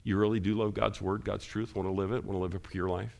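A man preaching a sermon in a low, gravelly voice. He asks the congregation questions as he goes. His voice climbs high and loud when he drives a point home. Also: little pitch movement, fast. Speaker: pastor.

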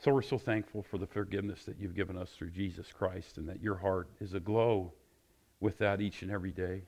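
Man preaching a sermon, fervent and emotional, gets loud and high when worked up. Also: a little fast. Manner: passionate, rising loud and high when excited. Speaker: pastor. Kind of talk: sermon and closing prayer.

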